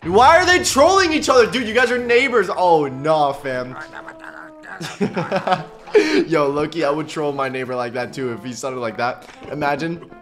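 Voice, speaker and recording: A man giving casual reaction commentary on a cartoon, excitable and slangy, laughing often. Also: on the high side, a little slow, soft background music.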